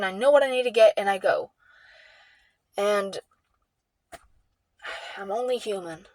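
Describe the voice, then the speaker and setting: A woman vlogging an emotional personal story in a rambling, halting way, full of restarts and repeats. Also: mid-range voice, no echo.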